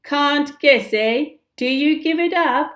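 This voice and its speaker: A woman reading a storybook and voicing a cocky, boastful boy who answers in high, taunting tones. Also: very animated, very slow, a bit bright, reverberant, exaggerated voice. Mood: crowing.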